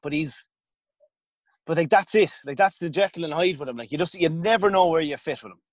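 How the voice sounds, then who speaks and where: A man's voice: fairly high pitch, brisk, no room sound. A man with an Irish accent, a former goalkeeper, telling long anecdotes in a casual interview with many restarts. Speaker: former hurling goalkeeper guest.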